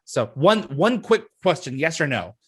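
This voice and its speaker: A man's voice: a little high, very animated, normal speed, slightly rough. A man hosting a video-call interview, speaking earnestly and thanking his guests. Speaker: host.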